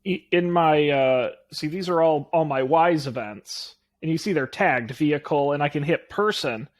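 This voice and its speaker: A man's voice: a little high, normal speed. A man co-hosting a tech podcast, chatting casually and confidently recommending gadgets. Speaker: podcast co-host.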